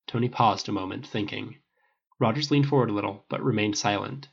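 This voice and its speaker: Gravelly man reading a story. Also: on the low side, fairly quick, dull audio, a little hiss or hum. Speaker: audiobook reader. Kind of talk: reading fan fiction aloud.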